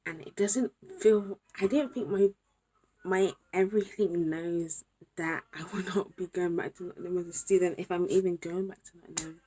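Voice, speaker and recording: Young woman vlogger, low voice, tired, hushed and emotional, faint hiss behind. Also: fairly even intonation, normal speed. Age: young adult. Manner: overwhelmed, drifts between whispering and exclamations. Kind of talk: late-night emotional vlog to camera.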